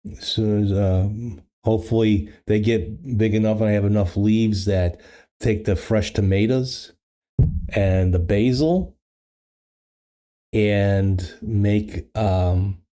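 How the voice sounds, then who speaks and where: A man's voice: lowish voice, slow pace, dark tone. A man hosting a casual livestream chat, rambling with many fillers and restarts into a studio microphone. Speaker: livestream host.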